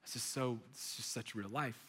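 A young American man preaching a sermon, telling stories with animated delivery and acting out voices. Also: mid-range voice, moderate pace, breathy edge. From United States. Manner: animated storytelling, acts out voices. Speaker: pastor.

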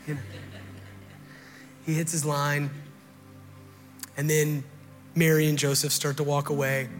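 A man's voice: a little high, in a large hall. A man, a pastor giving a sermon in a casual, joking storytelling way, with many fillers.

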